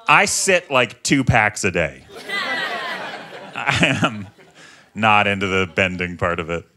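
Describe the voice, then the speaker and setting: A man in his thirties doing a stand-up comedy set, chatting in a self-mocking way, tagging jokes with "right?" and leaping into loud voices for punchlines. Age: 30s. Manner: conversational, self-mocking, often tags lines with "right?"; jumps into loud high character voices for punchlines. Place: comedy club stage.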